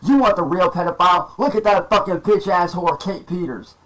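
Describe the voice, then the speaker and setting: A man's voice: high-pitched, brisk, fairly bright tone, rough recording. A man in a played clip, ranting angrily and swearing. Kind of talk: heated rant.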